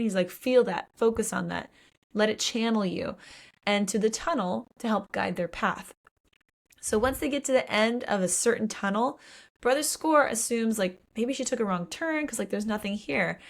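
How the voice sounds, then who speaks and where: A woman chatting casually as a podcast co-host. She retells a story with lively, animated quoting of the characters, dropping in exclamations and the odd curse. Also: medium pitch. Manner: animated retelling with voiced quotes and swearing. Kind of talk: casual book recap chat.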